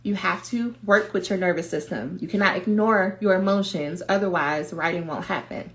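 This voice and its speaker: A woman giving a livestreamed coaching talk to doctoral students, direct and animated. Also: on the low side, normal speed. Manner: animated, direct, acts out quoted voices. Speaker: dissertation coach.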